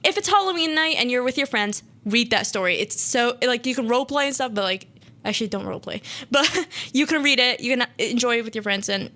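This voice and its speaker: A woman's voice: on the high side, animated, fairly quick, bright, forceful tone. A young woman hosting a radio show, casually retelling a horror story in a rambling way with many fillers and acted-out quotes.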